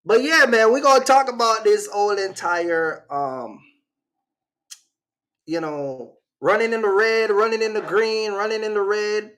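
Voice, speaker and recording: A man's voice: high voice, measured pace, fairly bright tone, clear, resonant tone. A man from Jamaica with a Jamaican accent, hosting a casual livestream in a rambling, slangy way and reacting to his live chat. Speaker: channel host.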